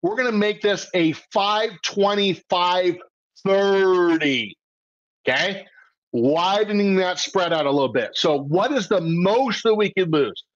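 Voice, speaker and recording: A man teaching options trading in a live webcast, animated and full of rhetorical questions, tagging "okay?" onto his points. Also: high voice, a little slow, dull audio. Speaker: trading coach.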